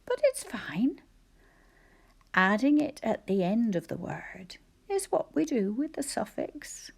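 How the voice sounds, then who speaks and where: A woman teacher with a husky, gravelly voice dictates spelling sentences at a very slow pace. She breaks words into sounds and syllables, often dropping to a whisper. Her pitch sits low but moves a lot. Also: very animated. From Scotland.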